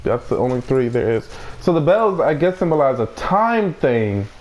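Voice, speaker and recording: A man playing a video game, talking to himself, swearing often and reacting loudly to the action. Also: mid-range voice, moderate pace, lo-fi sound. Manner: excitable, swears a lot, talks to himself. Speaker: let's play gamer. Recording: noisy recording.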